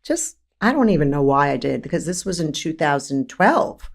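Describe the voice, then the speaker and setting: Low-voiced New York woman, frank and animated. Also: normal speed, vocal fry. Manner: frank and animated, laughing often, with emphatic lists. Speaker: podcast guest, therapist. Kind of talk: candid conversational interview.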